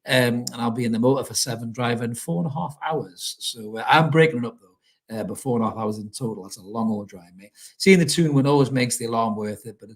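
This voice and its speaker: A man talks loosely through a live stream, reading out comments and answering them. He swears freely and calls his listeners mate. His voice sits in an ordinary middle pitch. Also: a little fast. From North East England. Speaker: fan channel host reading live chat. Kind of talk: casual live stream chat.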